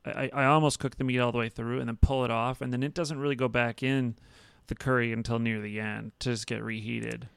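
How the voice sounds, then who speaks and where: A man co-hosting a laid-back podcast, rambling through cooking tips and jokes with plenty of swearing. His voice is gravelly yet smooth and resonant. It is recorded close and dry, with no room sound. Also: mid-range voice, flat delivery, brisk, few pauses, fairly bright tone, no room sound. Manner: rambling, profane, joking. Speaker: podcast co-host. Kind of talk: casual chat.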